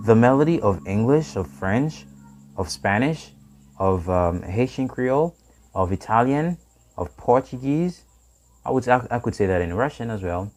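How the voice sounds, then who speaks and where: A man teaching a live lesson on language and prosody, switching between languages and pausing often with fillers. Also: mid-range voice, animated, a little mellow, soft background music.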